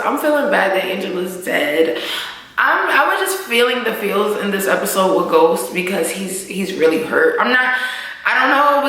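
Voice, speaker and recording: A woman's voice: on the high side, fairly bright tone, heavy reverb, low-quality recording. A woman vlogger recapping a TV episode in a casual, slangy, profane way, acting out the scenes as she goes.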